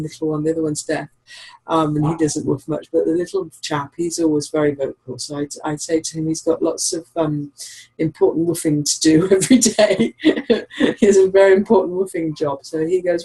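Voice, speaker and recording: A woman's voice: sits low, very animated, brisk, creaky, mellow, slightly rough, rough recording. A woman chatting casually on an online call, rambling and laughing easily as she talks. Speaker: regular sharer on a call-in show.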